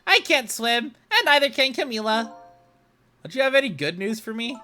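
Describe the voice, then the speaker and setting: A woman's voice: fairly high pitch, sing-song, moderate pace, pushed and bright, soft background music. A woman voicing an earnest, anxious but brave young woman in a video game, speaking urgently.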